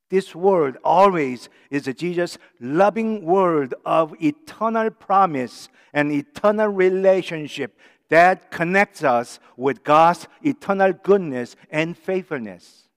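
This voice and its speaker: A male pastor delivering a sermon in a church sanctuary, his smooth, resonant voice carrying a long reverb from the large hall. He speaks slowly and deliberately, stressing key words one at a time, with a slightly raised pitch. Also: lively intonation. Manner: slow, deliberate emphasis on single words.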